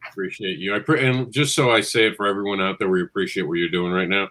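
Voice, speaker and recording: A man's voice: low voice, steady tone, quick pace, pushed and bright. Friendly middle-aged man from Queens. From Queens, New York. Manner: friendly storyteller, self-deprecating. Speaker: guest comics writer and publisher. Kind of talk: casual interview chat.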